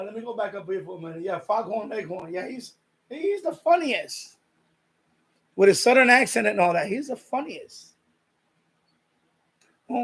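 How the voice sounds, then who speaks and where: A man's voice: sits high, breathy edge. A man hosting a live stream, chatting casually and rambling, repeating himself and reading viewer comments aloud.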